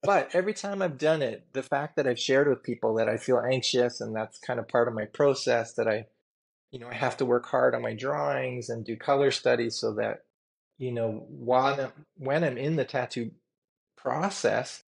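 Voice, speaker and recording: A man's voice: medium pitch, moderate pace, gravelly, husky. A man, a tattoo artist guest, telling candid stories in a rambling, earnest way, full of "you know" and "like.". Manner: rambling, filler-heavy, earnest and emotional. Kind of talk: candid storytelling interview.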